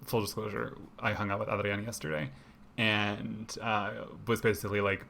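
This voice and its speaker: Gravelly, teasing male podcast host. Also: lowish voice, level tone, a little fast, bright, forceful tone, slight background noise. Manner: laughs often, teasing. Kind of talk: casual chat.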